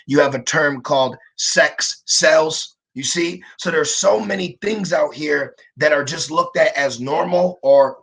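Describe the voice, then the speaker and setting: A man's voice: fairly high pitch, creaky, a bit bright, slightly rough. A man giving a livestreamed scripture lesson from his computer, hesitating often with fillers and checking in with listeners. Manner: frequent "okay" and "all right" check-ins with listeners. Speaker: religious teacher.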